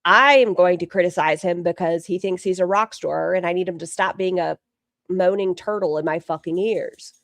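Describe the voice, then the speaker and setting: A woman with a lowish voice talks through a livestream in a blunt, profane and rambling way. The sound is dry and close, with no room around it. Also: normal speed, a bit bright, dry recording. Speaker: streamer commenting on online drama. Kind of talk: casual livestream commentary.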